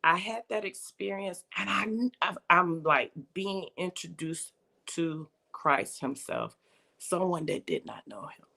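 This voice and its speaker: Gravelly-voiced woman sharing a testimony. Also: fairly low pitch, measured pace, pushed and bright. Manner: emotional, storytelling, acts out quoted voices. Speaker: guest. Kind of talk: personal testimony in casual chat.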